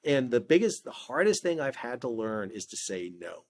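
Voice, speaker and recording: A man's voice: medium pitch, moderate pace. A middle-aged man, a former ship officer, telling stories in a casual interview, restarting often and acting out dialogue. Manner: animated, many restarts, acts out quoted dialogue. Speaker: guest, maritime expert and video creator.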